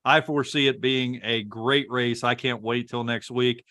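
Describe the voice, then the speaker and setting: A man's voice: mid-range voice, fairly even intonation, normal speed, pushed and bright, dry recording, studio quality. An American man co-hosting a racing podcast, reading viewer comments aloud and laughing easily. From United States. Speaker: podcast co-host reading chat. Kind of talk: casual chat.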